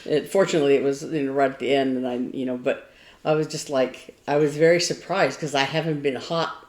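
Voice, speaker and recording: Woman, very low voice, podcast co-host, meandering casual chat, echoey room. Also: steady tone, brisk.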